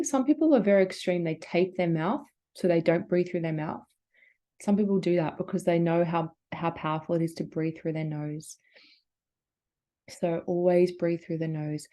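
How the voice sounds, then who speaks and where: Australian woman, breathwork facilitator, mellow and low-pitched, gentle casual coaching. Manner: gentle, encouraging, casual filler-heavy guidance. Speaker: workshop facilitator and yoga teacher. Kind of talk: guided breathing workshop.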